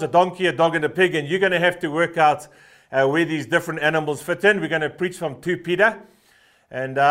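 Pastor guy, 50s, kinda high voice, preaching hard, lots of uh's and repeating the same line over n over. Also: fairly bright tone. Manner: fervent, repeats a short refrain for emphasis; storytelling with frequent "uh" fillers. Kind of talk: sermon.

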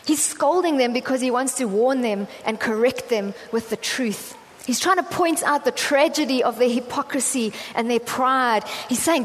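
A woman's voice: high-pitched, moderate pace, hardly any pauses. A woman preacher with a South African accent, giving a conversational sermon and telling stories with acted-out voices. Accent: South African English. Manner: chatty storytelling, acting out quoted voices. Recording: reverberant hall with faint ambient noise.

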